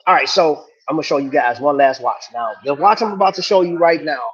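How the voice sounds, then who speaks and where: A man's voice: a little high, quick pace. A middle-aged man hosting a casual livestream, chatting in a laid-back way and laughing along with viewers. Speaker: watch reviewer and livestream host. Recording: dull lo-fi stream audio.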